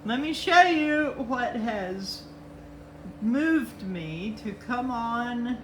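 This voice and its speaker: A woman's voice: on the high side, animated, extremely slow. A woman hosting a casual live chat, greeting viewers by name and laughing often. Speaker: livestream host. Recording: echoey room, faint background noise.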